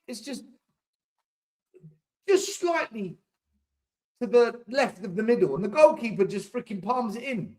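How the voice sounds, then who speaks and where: A man's voice: high voice, expressive, measured pace, long pauses, a little mellow. A young man hosting a live football watchalong, exasperated, swearing and repeating himself as he reacts. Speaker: fan channel host. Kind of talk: live match watchalong commentary.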